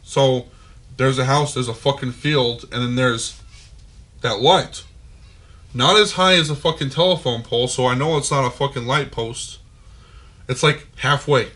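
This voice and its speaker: A podcast host with a drawl, talking in an ordinary middle-pitched voice. He rambles through a story, peppering it with curses and fillers, and keeps checking in with his listeners. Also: a little slow, pauses often. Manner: profane, animated storytelling with many fillers. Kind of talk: casual storytelling.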